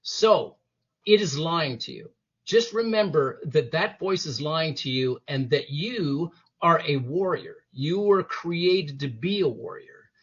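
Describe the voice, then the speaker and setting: A man's voice: on the high side, fairly bright tone, slightly rough, muffled recording. A man being interviewed as a guest, giving motivational talk and acting out the inner voices and quotes he describes. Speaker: interview guest, former police detective.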